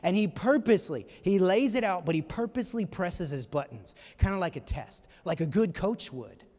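Casting: animated male preacher with a high voice, storytelling sermon, reverberant hall. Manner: animated storyteller, quick asides. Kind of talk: sermon retelling a film scene. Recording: echoey hall.

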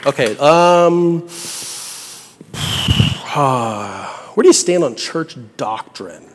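A man's voice: mid-range voice, lively intonation, very slow. A man voicing a hesitant, bureaucratic supervisor in heaven who fumbles through his questions. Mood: fumbling. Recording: echoey hall with long reverb.

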